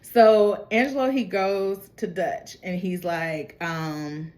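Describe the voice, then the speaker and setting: A young woman talks through a TV episode in a loose, chatty way. She drops into quick impressions of the characters as she retells the plot, then slips back into her own easy slang. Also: on the low side, lively intonation, a little mellow. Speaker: TV recap host. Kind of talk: casual recap chat.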